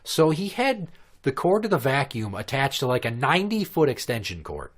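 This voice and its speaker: A man's voice: medium pitch, wildly swooping pitch, moderate pace. A man from Minnesota hosting a podcast, telling stories in a crude, profane, casual way and laughing at his own jokes. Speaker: podcast host. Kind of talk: casual storytelling chat.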